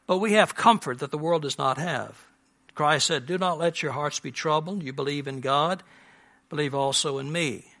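A man preaching a sermon as a pastor, earnest, moving between emphatic lines and hushed ones. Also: a little high, normal speed.

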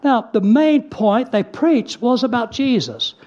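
A man delivers a sermon in a high voice, earnest and emphatic. He slows down to stress key phrases, then drops into plain conversational asides. The recording sounds dull and lo-fi. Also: expressive, a little mellow. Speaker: preacher.

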